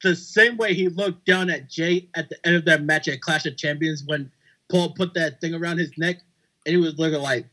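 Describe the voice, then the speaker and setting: A man on a casual podcast, talking with enthusiasm and dropping into a low voice for quotes. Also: steady tone, moderate pace, pushed and bright. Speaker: podcast panelist.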